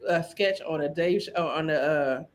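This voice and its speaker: A woman's voice: deep voice, moderate pace. A woman hosting a comedy podcast in casual chat, playful and slangy, with cackling laughs. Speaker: podcast host.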